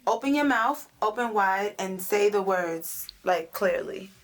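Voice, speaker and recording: A woman's voice: mid-range voice, expressive, unhurried. A woman coaching her son in a recording studio. She gives emphatic, directive instructions and chats casually for a reality vlog.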